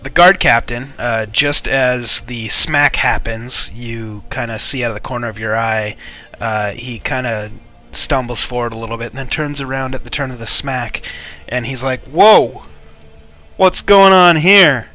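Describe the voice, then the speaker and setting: A man's voice: medium pitch, fairly even intonation, moderate pace, sharp tone, soft background music. A man narrating a tabletop game as game master in a loose, rambling way. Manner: loose, rambling descriptions with fillers.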